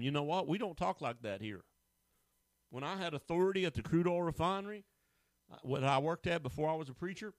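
A man's voice: a little high, no echo. A middle-aged man preaching a sermon in a folksy, emphatic way, full of rhetorical questions. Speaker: pastor.

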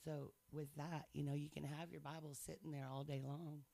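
A man's voice: a little high, little pitch movement, moderate pace, creaky, mellow. A man sharing his faith testimony in casual chat, earnest and playful, laughing often.

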